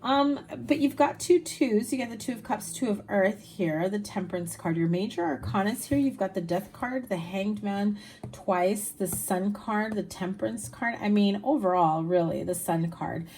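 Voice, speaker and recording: A woman's voice: mid-range voice, normal speed, darkish tone, slight background noise. A woman giving a casual tarot reading, chatty and rambling, tired. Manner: chatty, rambling, with fillers and laughs. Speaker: tarot reader.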